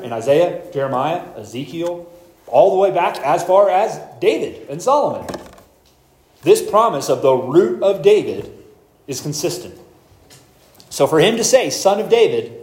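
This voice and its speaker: Male pastor, slightly high voice, teaching sermon, reverberant sanctuary, reads verses deliberately. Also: a little mellow. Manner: explains scripture verse by verse, reads passages aloud slowly. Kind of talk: expository sermon.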